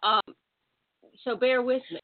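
A woman guest speaking with a Southern drawl, telling stories in a relaxed, chatty way. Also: medium pitch, moderate pace. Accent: picked-up Southern drawl. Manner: relaxed storyteller. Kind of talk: casual chat. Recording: tinny phone-like line.

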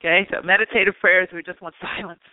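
This spiritual reader and talk-show host has a high-pitched voice with little pitch movement, and he speaks fast. His casual chatter, full of "you know" and "like," comes through a dry, tinny phone-line recording without echo.

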